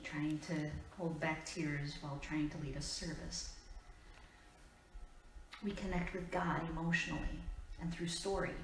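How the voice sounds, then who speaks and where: A woman pastor preaches with an Upper Midwest American lilt, her voice sitting a little low for a woman. She speaks in a measured, earnest way and leaves deliberate pauses between her phrases. The sound carries the reverb of a church room, picked up from some distance away. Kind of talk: sermon. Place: church sanctuary. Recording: echoey church room, voice from afar.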